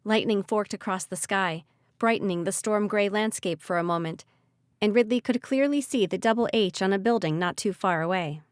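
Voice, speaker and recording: A woman reading a young-adult fantasy audiobook in an expressive, vivid way on a close mic. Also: mid-range voice, normal speed, no room sound. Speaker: audiobook narrator. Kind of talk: audiobook narration.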